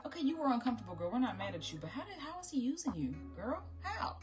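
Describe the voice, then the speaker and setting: High-voiced and fast, this woman hosts a reaction video recorded on a phone while music plays. She's animated and blunt, swears a lot, and keeps breaking into mocking impressions during her casual commentary.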